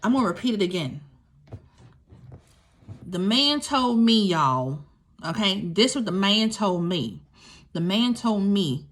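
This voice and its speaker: A woman's voice: mid-range voice, expressive, slow, long pauses. A young woman, a survivor of domestic violence, tells her story to listeners in candid, emphatic talk, repeating key phrases and speaking straight to them.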